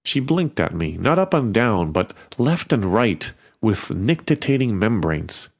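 Male storyteller, lower voice, animated, wry delivery. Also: measured pace. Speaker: narrator. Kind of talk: first-person fiction reading.

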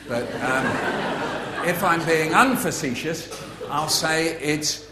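A man's voice: fairly high pitch, slow, reverberant, very noisy. A man giving a humorous author talk to a live audience, playful and facetious, full of asides. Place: festival venue with an audience.

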